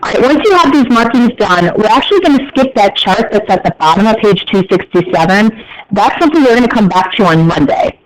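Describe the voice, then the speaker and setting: A man's voice: high voice, expressive, a little fast, poor audio. A man with an American accent teaching a class, explaining terms in a chatty way with joking asides to his students. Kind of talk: classroom lecture.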